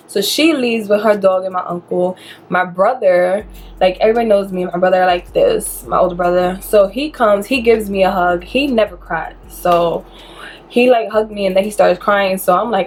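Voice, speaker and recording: A young woman from New talks through a personal story in a loose, chatty vlog style, her voice sitting at a middle pitch. She keeps the delivery animated and peppers it with fillers. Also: moderate pace, a little hiss or hum. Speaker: vlogger telling a personal story.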